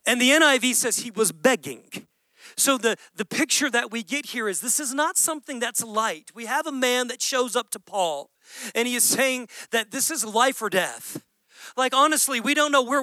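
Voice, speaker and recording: A man's voice: extremely high pitch, sharp tone, dry recording. A man preaching a sermon, impassioned and pleading, in a dry close recording. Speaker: pastor.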